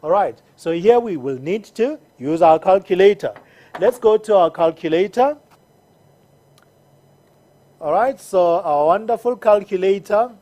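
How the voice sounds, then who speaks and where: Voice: medium pitch, animated, unhurried, long pauses, warm tone. An accounting teacher giving a recorded lesson, patiently repeating each step and checking in with the learners. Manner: patient, repeats steps and checks in with "all right?".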